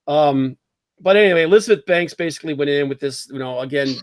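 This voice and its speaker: A man hosts a casual livestream, talking in an animated, opinionated way and reacting to chat as he goes. His voice sits a little high. The sound is dry and close, with no room in it. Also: fast talker, dry recording. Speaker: podcast host.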